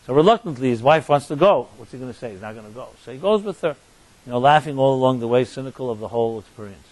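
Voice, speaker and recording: A man's voice: medium pitch, expressive, fast talker, a little mellow, low-quality recording. A man, a rabbi, giving a sermon in a conversational storytelling manner with restarts and asides to his listeners. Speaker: rabbi and teacher.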